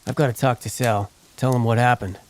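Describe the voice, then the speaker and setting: A man's voice: mid-range voice, steady tone, a little fast, a little mellow, natural voice. A man voicing a weary terse young outlaw. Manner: grumbling, terse. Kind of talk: audiobook character voice.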